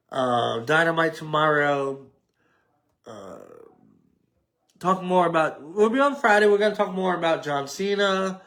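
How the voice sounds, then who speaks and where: A man with a high-pitched, sharp-toned voice hosts a solo sports podcast from a home setup on a tripod. Wrapping up the talk show, he rambles and jokes in a nasal, mumbling voice full of fillers.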